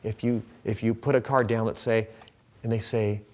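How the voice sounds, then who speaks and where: A man's voice: on the low side, fairly even intonation, normal speed. A man teaching a card trick in a casual tutorial, chatting as he handles the cards.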